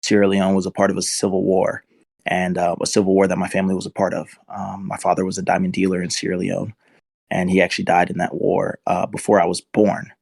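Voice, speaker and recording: A man's voice: low voice, completely flat delivery, fast talker, gravelly, a little mellow, slightly rough, no echo. A man in his twenties, a football player and interview guest, telling his story in an earnest, emotional way. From United States. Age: 20s.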